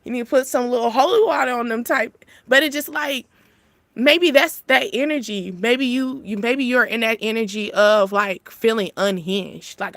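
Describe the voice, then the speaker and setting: At normal speed and with a creaky voice, a spiritual-channel host delivers an informal motivational talk. She rambles and repeats herself, laughs often, and alternates emphatic highs with gentle asides. No room sound is audible.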